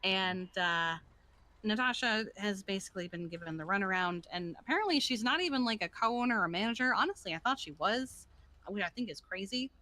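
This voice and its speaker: A woman streamer chatting in character during a roleplay game, ranting in an animated, exasperated way. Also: medium pitch, fairly quick.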